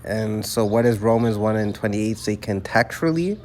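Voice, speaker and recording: A man's voice: fairly low pitch, animated, normal speed, a little mellow, a little hiss or hum. A man giving profane religious commentary, preaching emphatically and peppering it with rhetorical "right?" and "man". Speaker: online commentator.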